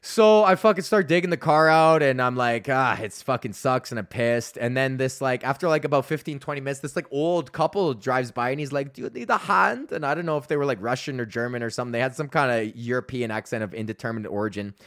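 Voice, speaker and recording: A man's voice: mid-range voice, fast, hardly any pauses, fairly bright tone. A man in his thirties from Canada, hosting a podcast and telling a rambling, profane story in casual chat. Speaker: podcast host and comedian.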